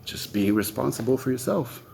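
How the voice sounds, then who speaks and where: A man hosting a solo podcast, explaining ideas slowly and reflectively, step by step. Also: medium pitch, expressive, creaky, darkish tone, slight background noise. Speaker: podcast host.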